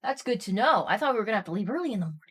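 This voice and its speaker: A woman streamer chatting casually and telling a long story, getting animated and worked up as she rambles. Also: medium pitch, very fast, slightly rough.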